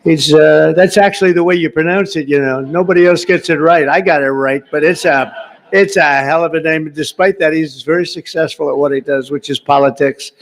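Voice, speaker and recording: Male speaker, gravelly, slightly high; off-the-cuff reception speech, rambling with teasing asides to the room. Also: fairly quick. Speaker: host of a reception, giving a speech. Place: large reception room, indoors.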